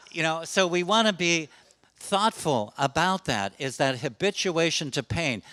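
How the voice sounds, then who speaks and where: Middle-aged guy giving a talk, lots of ums, jokey, bright clear voice. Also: on the high side, dry recording. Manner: chatty and self-deprecating, with many fillers. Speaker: presenter on suicide prevention. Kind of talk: conference talk to a live audience.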